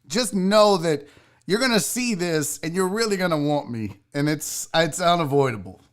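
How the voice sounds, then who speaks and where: A man in his forties hosting a podcast and telling a comedic story, animated and profane, swinging from loud bursts to low asides. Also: normal speed. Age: 40s. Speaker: podcast host. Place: seated in a chair.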